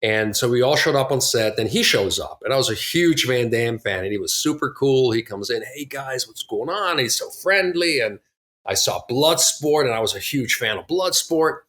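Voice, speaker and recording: Animated middle-aged man telling stories. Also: medium pitch, normal speed. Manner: animated, acts out quotes from others, laughs often. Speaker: podcast guest, actor. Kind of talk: casual interview storytelling.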